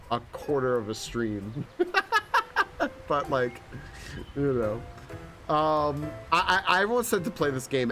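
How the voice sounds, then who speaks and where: A man streaming a video game live, talking casually and swearing a lot. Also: medium pitch. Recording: game music behind.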